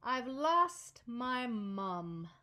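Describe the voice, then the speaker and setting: Storybook role: woman doing a lost little monkey, high, squeaky, slow and protesting. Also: sing-song, sharp tone, full character voice. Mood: upset. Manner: squeaky, insistent denials. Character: small lost young monkey searching for mum.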